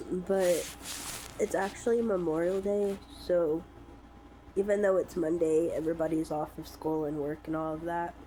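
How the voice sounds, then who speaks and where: A woman records a casual vlog update from her bedroom while sick, her voice thick and congested from a cold. She speaks very slowly, pausing on frequent ums, in a low, mellow tone. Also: fairly even intonation, a little hiss or hum. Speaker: vlogger.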